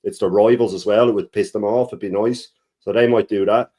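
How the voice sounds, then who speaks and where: A man's voice: fairly low pitch, steady tone, brisk, mellow. A man co-hosting a fan show, arguing bluntly and emphatically with some swearing. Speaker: co-host. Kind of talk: fast fan debate.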